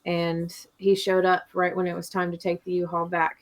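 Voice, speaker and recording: A woman's voice: lowish voice, monotone, moderate pace. A woman co-hosting a podcast, telling a long story in a rambling, chatty way and laughing often. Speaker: podcast co-host. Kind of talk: casual chat.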